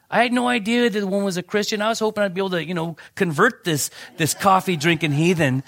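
A man's voice: sits high, moderate pace, hardly any pauses, fairly bright tone, dry recording. A man preaching a sermon in a conversational way, telling personal stories and often restarting his sentences. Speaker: pastor.

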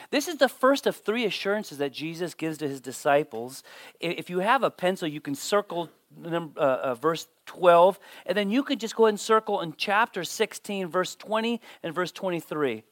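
A man giving a sermon as pastor, telling stories with lively swings and dropping almost to a whisper for emphasis, often repeating words as he starts a sentence. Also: high voice, normal speed, no echo, studio quality. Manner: animated storytelling, drops to near whisper for emphasis.

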